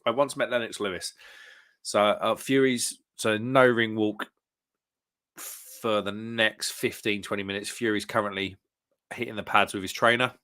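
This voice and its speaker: A man's voice: fairly low pitch, steady tone, measured pace, sharp tone. Chatty British man hosting a live stream. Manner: chatty, reads out viewers' comments, chuckles often. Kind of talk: casual live-stream chat.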